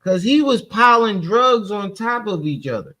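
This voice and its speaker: A man's voice: high-pitched, big pitch swings, moderate pace, sharp tone. A man hosting reaction commentary, cutting in bluntly and mocking the clip he is playing. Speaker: commentary host.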